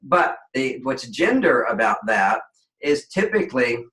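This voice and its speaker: A man's voice: medium pitch, sing-song, a little slow, fairly bright tone. A man guest on an interview show, explaining relationships in an expansive way and acting out quoted voices. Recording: echoey room.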